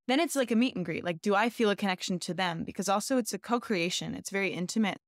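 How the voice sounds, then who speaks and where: A woman's voice: mid-range voice, fast talker, no echo, studio quality. A woman, a rope artist, talking openly and earnestly about her work in a conversational interview, often restarting her phrases. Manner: earnest, open, with many restarts and "like". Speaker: shibari artist, guest.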